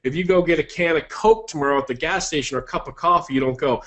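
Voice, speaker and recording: A man presenting an online selling course, walking through sales examples in an upbeat, salesy pitch with quick asides. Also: a bit bright.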